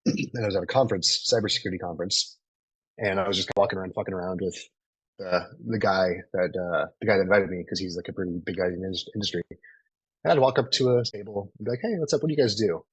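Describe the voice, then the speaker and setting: A man's voice: deep voice, fairly even intonation, fast talker, slightly rough, no echo, rough recording. A man in his thirties coaching a group in a live online training, casual and profane, always checking in with "right?". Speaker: sales coach.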